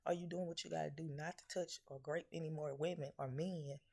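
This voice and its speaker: A woman's voice: low-pitched, fairly even intonation, brisk, creaky, a little mellow. A woman spiritual reader delivering a blunt, profane, scolding message that is full of rhetorical questions. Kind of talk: blunt preaching message to viewers.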